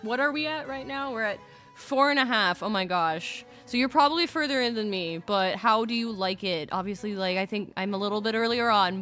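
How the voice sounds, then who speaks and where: A young woman chats casually with her viewers on a live stream, bubbly, gushing and a bit scattered. Her voice is a little high with a sharp tone.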